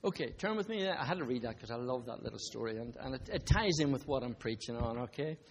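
A man's voice: mid-range voice, expressive, fast, long reverb tail, a little hiss or hum. A man preaching a sermon to a congregation, talking conversationally with asides and rising into emphatic bursts. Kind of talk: sermon with a told story.

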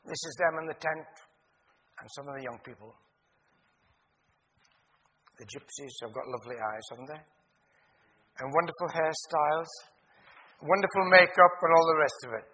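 A man's voice: a little high, slight background noise. A man preaching, telling a story with photo slides and acting out the voices in it. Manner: animated, acts out quoted voices.

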